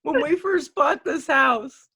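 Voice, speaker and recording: A woman's voice: sits high, takes it slowly, pushed and bright. A woman hosting a casual group chat, telling a funny story with lots of laughter. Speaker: host.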